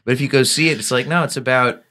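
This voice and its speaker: A man's voice: medium pitch, fast talker, bright, forceful tone, slight background noise. A man hosting a podcast, chatting casually and rambling with restarts and fillers. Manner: rambling, laid-back, frequent filler restarts. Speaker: podcast host.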